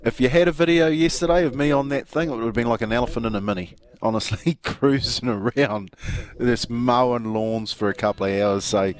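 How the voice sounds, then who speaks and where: A man's voice: mid-range voice, fairly even intonation, a little fast, hardly any pauses. A man with a New Zealand accent co-hosting a radio show in casual chat, telling anecdotes and chuckling often. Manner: chatty storyteller, chuckles often. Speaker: radio co-host.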